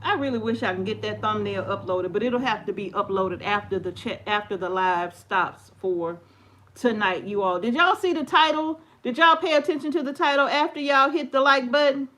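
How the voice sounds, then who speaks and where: A woman's voice: on the high side, normal speed, a bit bright. A woman co-hosting a casual livestream, laughing and greeting viewers by name as she reads the chat. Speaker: livestream co-host. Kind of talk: casual live chat reading viewer comments.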